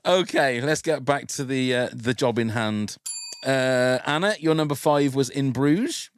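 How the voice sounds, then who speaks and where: A man's voice: mid-range voice, measured pace, slight background noise. A man hosting a casual podcast quiz, reading out words, spelling them letter by letter and laughing often. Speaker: podcast host.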